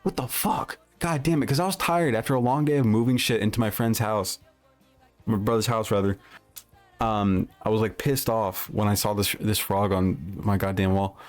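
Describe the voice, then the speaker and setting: A man with a fairly low voice chats with his stream viewers, rambling through an anecdote and cursing freely. He stops, restarts and circles back mid-sentence. Faint music plays behind him. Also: steady tone, normal speed, a little mellow. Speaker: livestreamer. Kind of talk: casual livestream chat, reacting to chat.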